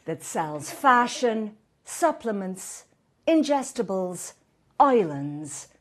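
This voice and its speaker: This is a beleaguered talk show host, played by a woman, polite and formal, who stammers when flustered. She has a lowish voice with lively swings in pitch. Her pace is slow and deliberate. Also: exaggerated voice. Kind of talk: stand-up character comedy.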